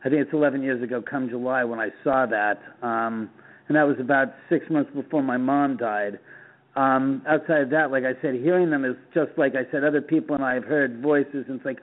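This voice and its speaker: A middle-aged man from Los Angeles, a radio guest telling animated stories and acting out the dialogue, often repeating words as he goes. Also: medium pitch, a little fast. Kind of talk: phone interview, storytelling. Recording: tinny phone line.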